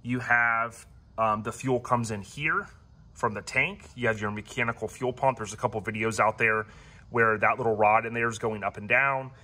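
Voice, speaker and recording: A man's voice: medium pitch, normal speed. A man hosting a casual, rambling walkaround of his classic car, giving owners tips. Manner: relaxed and rambling, many ums and restarts.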